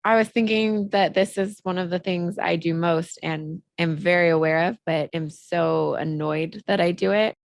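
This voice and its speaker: A woman with a heavily gravelly, fry-laden voice, talking reflectively and hedging her points as a podcast co-host. The sound is close and dry, with a middling pitch. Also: steady tone, normal speed, few pauses, no echo. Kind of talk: casual podcast chat.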